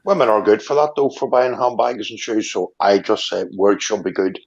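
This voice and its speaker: A man, co-hosting a casual livestream over call audio, easygoing and quick to joke about himself. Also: lowish voice, vocal fry, highs cut off. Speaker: co-host. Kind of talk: casual chat.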